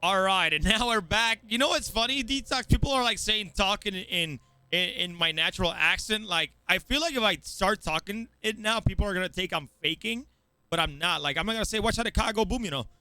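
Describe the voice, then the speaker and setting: A man's voice: sits high, fairly quick, sharp tone, clear, resonant tone, rough recording. A man with a Virgin Islands accent, commentating a live race in a chatty, rambling way. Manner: chatty, rambling, frequent restarts. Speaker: esports commentator.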